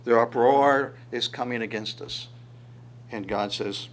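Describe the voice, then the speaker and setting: Man preaching, energetic Bible teaching, medium pitch, lively rhetorical delivery. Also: a little slow, a little hiss or hum. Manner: animated, voices God's words in quotes, asks rhetorical questions, chuckles. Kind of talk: sermon teaching through Psalms.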